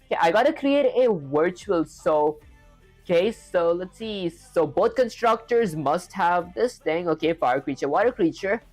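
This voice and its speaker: A man's voice: sits high, lively intonation, measured pace, darkish tone, faint music behind. A young man with an Indian accent live-streaming his coding, thinking aloud through each step and chatting with viewers.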